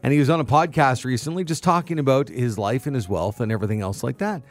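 A man's voice: mid-range voice, quick pace. A man co-hosting a morning radio show, telling stories and teasing his co-hosts in casual chat. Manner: teasing, storytelling.

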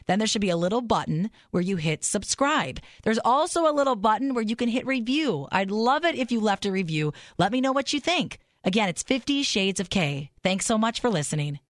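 A woman's voice: medium pitch, big pitch swings, no echo. Chatty woman podcast host, dry sound. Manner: chatty, encouraging, quick interjections. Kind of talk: casual interview chat.

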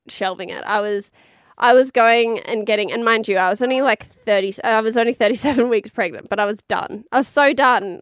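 A woman's voice: on the high side, no room sound, clean studio sound. A woman in her thirties with an Australian accent, telling a personal story in a frank, chatty way, swearing freely and laughing often.

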